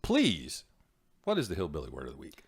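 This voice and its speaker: A man's voice: a bass voice, wildly swooping pitch, brisk, husky. A man co-hosting a casual podcast, joking and playful, with mock announcer flourishes. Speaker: podcast co-host. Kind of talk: casual chat. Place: home podcast studio.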